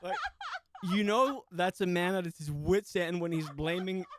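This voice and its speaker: A man voicing a fed-up middle-aged customer at his wit's end, whining and pleading to everyone in a fast-food line. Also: high voice, a bit bright, slight background noise, voice pushed up. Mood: exasperated.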